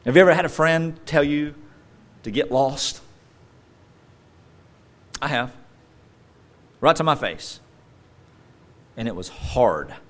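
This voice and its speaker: Taking it slowly with long pauses, a middle-aged male pastor preaches animatedly in a mid-range voice, veering between loud emphasis and hushed, conversational asides.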